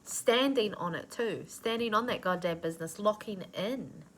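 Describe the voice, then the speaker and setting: A woman's voice: medium pitch, moderate pace, a little hiss or hum. A woman giving a channeled spiritual reading, earnest and nurturing, with casual swearing mixed into her affirmations. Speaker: intuitive reader.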